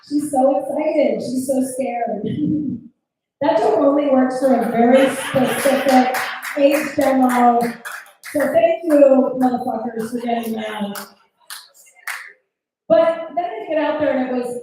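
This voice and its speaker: A woman in her thirties doing a stand-up comedy set, with brash, profane crowd work and quick asides. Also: fairly high pitch, dark tone, a little hiss or hum. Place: comedy club stage. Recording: echoey club, mic heard from a distance.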